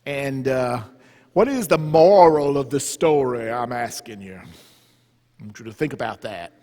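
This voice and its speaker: A man with a Southern US accent imitating a pompous old monsignor, preaching in a slow drawl. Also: medium pitch, expressive, dark tone. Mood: droning. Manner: slow drawling sermon delivery. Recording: reverberant church hall.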